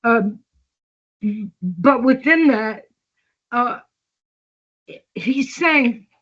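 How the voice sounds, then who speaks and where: A woman's voice: on the high side, lively intonation, lo-fi sound. An older woman telling long stories in an interview, acting out quoted dialogue as she goes. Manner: slow storytelling, acts out quoted dialogue. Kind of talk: long-form conversational interview.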